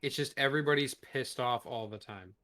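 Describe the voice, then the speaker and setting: A man's voice: medium pitch, brisk. A man co-hosting a podcast, talking bluntly in casual review chat, swearing often and leaning hard on certain words. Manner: blunt, frequent swearing, animated emphasis. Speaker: podcast co-host.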